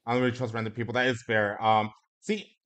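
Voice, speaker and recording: A man hosting a live-stream talk show, speaking hesitantly with many pauses and restarts. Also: medium pitch, flat delivery, fairly bright tone. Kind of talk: casual chat on a live stream.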